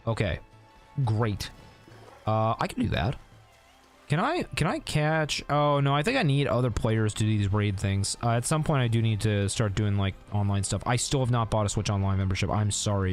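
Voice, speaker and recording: A man streaming a video game, talking casually as he plays, thinking aloud and answering chat, often breaking into laughter. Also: medium pitch. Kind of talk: casual gameplay commentary.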